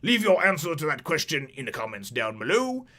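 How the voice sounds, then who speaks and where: A man's voice: fairly high pitch, big pitch swings, a little fast, bright, forceful tone. A man casually reviewing a manga chapter in a vlog, rambling and chatty, with plenty of swearing.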